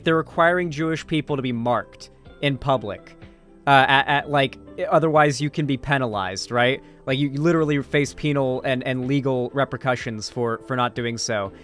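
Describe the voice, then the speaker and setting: A man's voice: medium pitch, a bit bright. A man doing livestream reaction commentary, talking casually, profanely and rambling to his chat. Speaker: streamer and political commentator.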